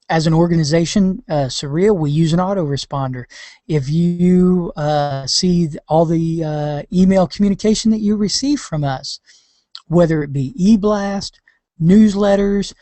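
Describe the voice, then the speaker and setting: Man with a dark, mellow voice, teaching. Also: high-pitched, no room sound. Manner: loose conversational explaining with many hesitations. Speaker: webinar presenter. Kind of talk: webinar lesson.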